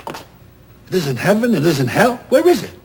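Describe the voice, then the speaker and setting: An actor playing a middle-aged theatrical agent, loud, sardonic and self-pitying, in a 1970s TV drama. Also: male voice, high voice, huge pitch swings, unhurried, gravelly, a little hiss or hum, exaggerated voice. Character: loud, bitter, wisecracking male theatrical agent. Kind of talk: 1970s television drama acting.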